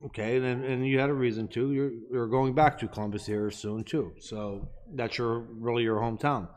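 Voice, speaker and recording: A man's voice: mid-range voice, steady tone, normal speed. Guy cohosting a podcast, rambly and swears a lot, regular mid voice. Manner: rambling, profane storytelling. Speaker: podcast co-host. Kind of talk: casual chat.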